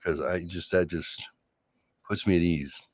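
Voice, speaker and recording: Deep-voiced sarcastic man rambling. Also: fairly even intonation, unhurried, dry recording. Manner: sarcastic, rambling storytelling with frequent restarts. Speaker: solo show host. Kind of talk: casual monologue.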